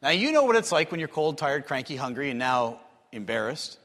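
Storytelling preacher in a reverberant hall. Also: male voice, a little high, normal speed. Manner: storytelling, acts out quotes, rises to excited bursts. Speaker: pastor. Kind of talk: sermon.

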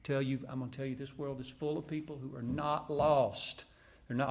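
A male preacher with a gravelly, fry-edged voice at a middling pitch. He preaches dramatically, repeating his lines, dropping to a near whisper and then rising to a shout. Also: steady tone, moderate pace. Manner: dramatic, swings from hushed to shouting, repeats phrases. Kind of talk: sermon.

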